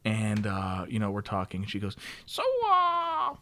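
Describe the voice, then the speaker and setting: A young man co-hosting a casual podcast, telling stories in a lively but halting way with many restarts. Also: lowish voice. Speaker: podcast co-host. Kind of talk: casual storytelling chat.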